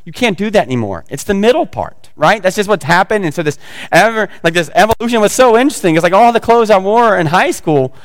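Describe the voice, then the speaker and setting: High-voiced man preaching a conversational sermon. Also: expressive, fast, in a large hall. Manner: conversational, joking asides to the congregation. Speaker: pastor.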